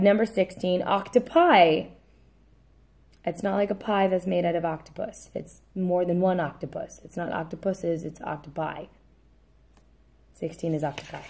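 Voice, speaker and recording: Woman teacher reading out a spelling list for her class; slow, repeats each word, quick apologetic corrections, mid-range pitch. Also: darkish tone. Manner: says each word slowly, repeats it, adds brief asides. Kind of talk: dictating a spelling test.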